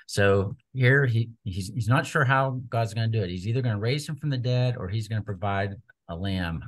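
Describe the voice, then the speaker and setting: A man's voice: on the low side, moderate pace, few pauses, low-quality recording. A man leading a small Bible study group, retelling scripture in an earnest, conversational way.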